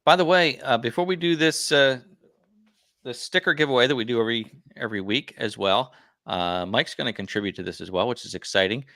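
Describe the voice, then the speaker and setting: A man's voice: medium pitch, fairly quick, bright, forceful tone, no room sound, studio quality. A man hosting a gardening livestream, chatty and friendly, announcing giveaways and asking questions. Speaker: livestream host.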